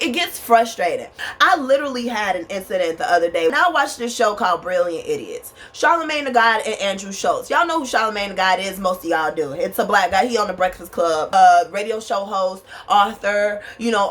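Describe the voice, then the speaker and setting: A woman's voice: mid-range voice, fairly bright tone, slight background noise. A woman, ranting angrily and profanely to her viewers from a small bedroom. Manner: angry, profane, emphatic, addresses viewers as y'all. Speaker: vlogger. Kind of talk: impassioned rant to camera. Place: small bedroom with a fan running.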